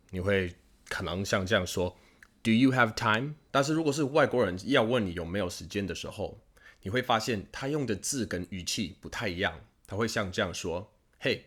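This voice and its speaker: An American man teaching English phrases for the workplace in a relaxed, explanatory way, acting out short dialogues as examples. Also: low-pitched, brisk. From United States. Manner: explains patiently, acts out short everyday dialogues. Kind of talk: casual language lesson.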